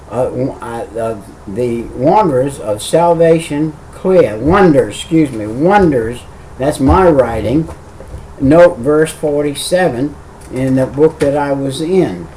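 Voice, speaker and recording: A man's voice: medium pitch, dark tone, far from the mic, a little hiss or hum, rough recording. A middle-aged man, an evangelist, preaching a video sermon with earnest, emphatic repetition.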